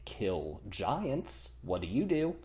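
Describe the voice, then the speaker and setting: A man's voice: fairly low pitch, very animated, slow, darkish tone. A man voicing a boastful, easily offended male thunder god who brags about his deeds. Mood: bragging. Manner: bragging, indignant.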